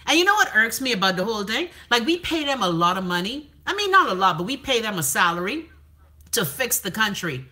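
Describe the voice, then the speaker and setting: A brash, gossipy woman hosts a live stream and reads out viewer comments in a casual, profane chat. Her voice sits fairly high and sounds bright and sharp, and it jumps up dramatically when she reacts. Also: very animated, brisk.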